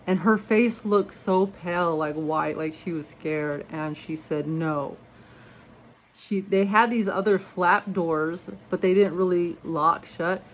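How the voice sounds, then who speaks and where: A woman's voice: fairly low pitch, a little slow, hardly any pauses, slight background noise. Rambling woman telling strange stories. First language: not English. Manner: rambling, many fillers and "you know". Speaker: storyteller. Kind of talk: casual personal storytelling.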